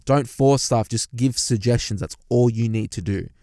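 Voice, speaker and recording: A young man with a mid-range voice speaks at normal speed, the recording dry and studio-clean. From a parked car, he delivers a profane reaction rant about a story, heated and animated, swearing frequently and speaking right to his listeners.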